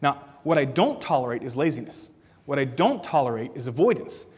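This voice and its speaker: A man's voice: mid-range voice, very animated, a little fast, breathy edge. A man preaching a sermon as a pastor, earnest and plain-spoken, asking the congregation questions as he teaches. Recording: long reverb of a church hall.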